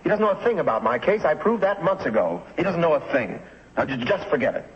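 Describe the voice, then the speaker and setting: An irritable, sickly cartoonist. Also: male voice, a little high, big pitch swings, fast. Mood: angry. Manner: bitter, snapping, shouts when angry. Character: irritable ailing male cartoonist, self-pitying and defensive. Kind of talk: 1950s TV drama acting. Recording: dull lo-fi old TV soundtrack with faint hiss.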